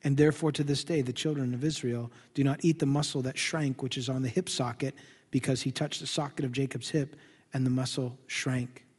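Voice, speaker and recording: A man preaching a sermon as pastor, dramatic, swinging from hushed tones to loud emphasis. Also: medium pitch, fairly even intonation, a little fast, slightly rough, big-room sound.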